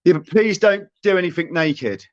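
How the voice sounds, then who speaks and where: Man, livestream host, stammering, flustered, raised pitch, dull lo-fi audio. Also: expressive, normal speed. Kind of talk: heated livestream argument. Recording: muffled lo-fi stream audio.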